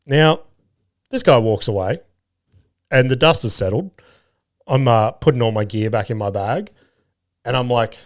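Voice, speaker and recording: A man's voice: mid-range voice, moderate pace, long pauses. A young Australian man hosting a podcast, telling a casual story with lots of swearing and acted-out dialogue. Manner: animated, swears freely, acts out quoted dialogue. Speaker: podcast host.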